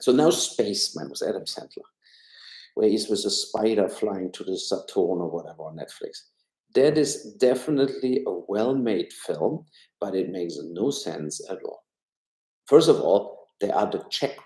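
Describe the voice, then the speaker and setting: A man's voice: on the low side, lively intonation, normal speed, warm tone, roomy sound, low-quality recording. Blunt German-accented man ranting. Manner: blunt, opinionated, rambling. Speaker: live streamer and film critic. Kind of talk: casual live-stream commentary. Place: room at home.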